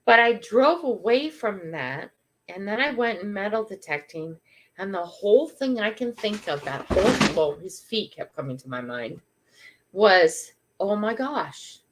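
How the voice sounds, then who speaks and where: An older woman hosting a morning livestream, telling a funny story in a chatty, animated way. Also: medium pitch, unhurried, noisy background. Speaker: livestream host.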